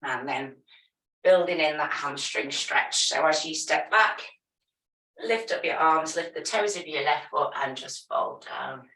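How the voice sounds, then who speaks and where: Low-voiced woman calling yoga cues. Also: unhurried. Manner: calm step-by-step movement cues. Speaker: yoga teacher. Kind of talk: guiding a yoga class. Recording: echoey room, voice from a distance.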